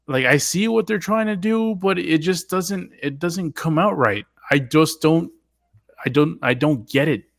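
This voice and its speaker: Hesitant man giving his take, mid-pitched. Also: fairly bright tone. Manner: hesitant, stammers and restarts when giving opinions. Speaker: podcast co-host. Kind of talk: casual show recap chat.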